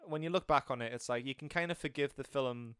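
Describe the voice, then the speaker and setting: A man's voice: medium pitch, fast talker, smooth, no room sound, studio quality. Man chatting animatedly about films. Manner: animated storytelling, acting out scenes. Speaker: film reviewer. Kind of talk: casual film chat.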